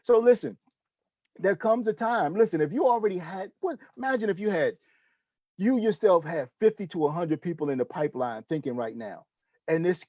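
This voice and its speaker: Man, sales trainer, emphatic coaching, high voice, mellow tone. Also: no echo, highs cut off. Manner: emphatic coaching, repeats "okay?" and "listen".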